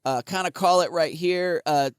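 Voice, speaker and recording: A man's voice: sits high, moderate pace, clear, resonant tone, dry recording, clean studio sound. A man co-hosting a comedy podcast, goofy and joking in casual chat. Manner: goofy, joking, slips into silly voices. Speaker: podcast co-host.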